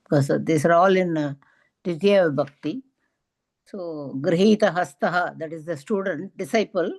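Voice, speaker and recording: A woman's voice: fairly low pitch, a little mellow. A woman in a scripture class, checking her reading with the teacher. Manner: checking her understanding, quick bursts. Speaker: student. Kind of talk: asking a question in class.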